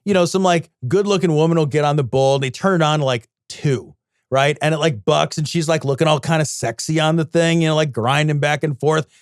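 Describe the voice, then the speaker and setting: A man co-hosting a podcast in casual comedic chat, profane and laughing, telling drawn-out stories. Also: fairly high pitch, clean tone, dry recording, clean studio sound. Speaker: podcast co-host.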